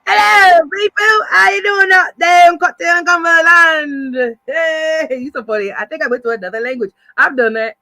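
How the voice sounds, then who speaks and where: Bright, bubbly high-voiced woman. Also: normal speed, no room sound. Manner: bubbly, slangy, teasing. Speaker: podcast co-host. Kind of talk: casual chat.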